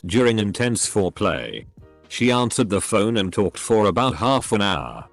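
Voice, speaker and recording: A man reading online posts aloud as a scripted narration, his low voice moving through a lively, animated pitch range. He spells out censored words letter by letter. Faint music plays beneath him. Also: normal speed, dry recording. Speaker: story narrator.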